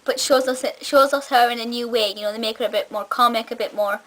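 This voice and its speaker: Woman w/ a bit of a scottish accent, slightly high voice, chatty enthusiastic review vlog, lots of ums. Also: fairly even intonation, quick pace, fairly bright tone. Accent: part Scottish. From Scotland. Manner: chatty, enthusiastic, many fillers and restarts. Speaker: film reviewer.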